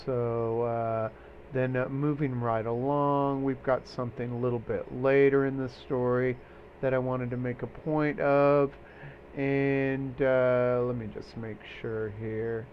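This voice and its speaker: A male teacher giving a recorded literature lecture, hesitant, full of fillers and throat-clearing. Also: mid-range voice, level tone, slow, dull audio, a little hiss or hum.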